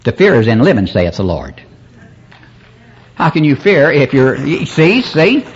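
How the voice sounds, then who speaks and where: A man's voice: medium pitch, very animated, a little slow, a little hiss or hum. A man preaching a rambling sermon at a church service, calling out to the congregation. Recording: dull lo-fi cassette recording.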